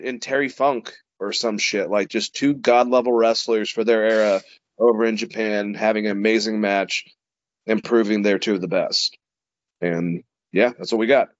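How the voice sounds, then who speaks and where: A male podcast co-host in casual chat, relaxed and rambling as he talks. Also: lowish voice, normal speed, no room sound, dull audio. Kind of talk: casual wrestling review chat.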